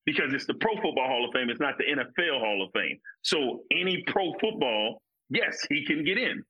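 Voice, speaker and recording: A man's voice: medium pitch, sing-song, a little fast, husky, muffled recording. A man co-hosting a casual sports podcast, talking emphatically and repeating his points. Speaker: podcast co-host, former football player.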